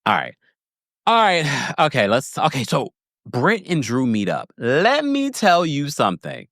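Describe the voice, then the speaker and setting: A chatty man recaps reality TV for his podcast audience, cutting himself off mid-thought and laughing as he retells the drama. His pitch jumps around in a lively, animated way. The sound is dry and close, with no room echo. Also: unhurried. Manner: gossipy, laughs often, acts out quotes; chatty, self-interrupting storyteller. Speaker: podcast host. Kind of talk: casual TV recap commentary.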